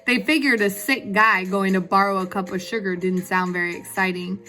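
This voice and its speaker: A woman's voice: medium pitch, steady tone, a little fast, sharp tone, natural voice. A woman reading as a wronged wolf narrator. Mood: aggrieved. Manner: storytelling, confiding and indignant. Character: sniffly, self-pitying male wolf telling his side. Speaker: guest reader. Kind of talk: storybook read-aloud. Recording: background music under the voice.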